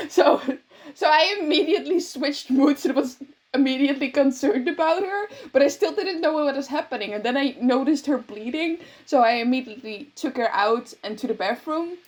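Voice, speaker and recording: A woman's voice: high-pitched, expressive, moderate pace. A young woman recounting an event casually, chuckling through her account. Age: young adult.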